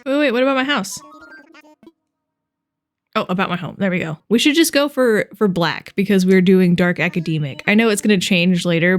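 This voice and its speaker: A young woman chatting casually and excitably while playing a video game, with frequent giggles. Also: lowish voice. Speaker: gaming vlogger. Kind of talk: casual gameplay commentary.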